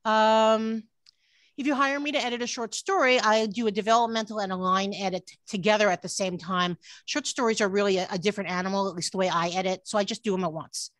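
A woman's voice: mid-range voice, steady tone, quick pace, fairly bright tone, dry recording. Earnest woman editor on a video call. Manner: earnest, frequent restarts and "um"s. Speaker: book editor giving a talk. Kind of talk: online workshop presentation. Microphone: computer mic on a video call.

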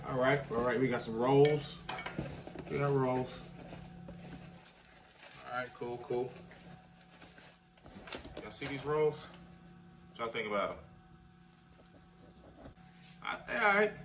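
A man's voice: medium pitch, background noise. A man, a chef, chatting his way through a casual food review at home and constantly addressing viewers as "y'all.". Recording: voice a bit far from the mic.

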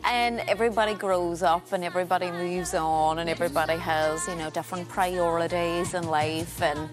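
A woman's voice: on the low side, fairly even intonation, fairly quick, music in the background. A woman in her thirties from Ireland, with an Irish accent touched by American, chatting as a guest on a TV sofa interview. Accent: Irish with a slight American twang. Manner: friendly, chatty, laughs easily. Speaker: singer, guest.

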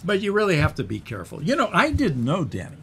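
An older man hosting a TV talk show, chatting casually and jokingly with a guest, with a slightly husky voice and big swings when he tells a story. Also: fast talker, slight background noise. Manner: animated, jokey, big pitch swings when telling stories. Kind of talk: casual TV interview chat. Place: TV studio.

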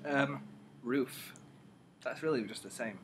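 A man's voice: mid-range voice, slow pace, slight background noise. A young man from England with an English accent, casually reading out words in a playful, teasing way for an accent challenge video. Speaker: video co-host.

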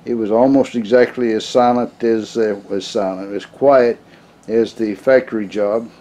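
A man's voice: on the low side, fairly even intonation, moderate pace, dark tone. A man hosting his channel in casual workshop vlog talk, folksy and rambling with frequent restarts. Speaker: channel host.

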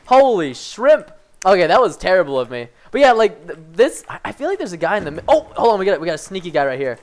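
A young man giving excitable live commentary over his own gameplay, swinging between frustration and excited yelps. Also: sits high, quick pace. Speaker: gaming commentator.

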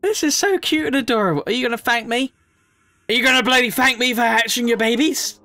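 A man giving chatty, emotional let's play commentary, often squealing up high in excitement. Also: fairly quick, noisy background.

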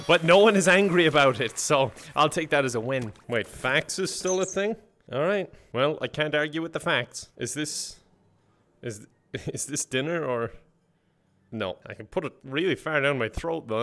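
Excitable young man yelling game commands. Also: on the high side. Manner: excitable, barking frantic commands and joking asides. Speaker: gaming YouTuber. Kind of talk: comedic VR let's-play commentary.

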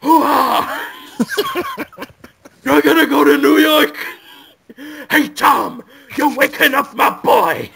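A man doing a hammy impression of a gruff older male lawyer, barking catchphrases. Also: very high-pitched, huge pitch swings, takes it slowly, pauses often, a crowd in the background, pitched above the performer's own voice, full character voice. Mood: blustering.

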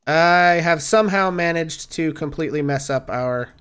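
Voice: mid-range voice, normal speed, fairly bright tone, smooth. Playful game master voice. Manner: playful, makes sound effects; upbeat and chatty. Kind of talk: running a tabletop game on a stream.

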